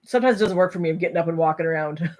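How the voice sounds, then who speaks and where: Middle-aged woman host, low-pitched, animated storyteller. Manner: animated storytelling, acting out other voices. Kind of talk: personal story to an audience.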